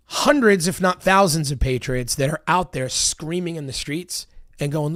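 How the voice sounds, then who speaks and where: A man's voice: fairly high pitch, big pitch swings, normal speed, a bit bright, dry recording, studio quality. A man delivering a heated, profanity-laced political rant, emphatic and repetitive. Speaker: political commentator.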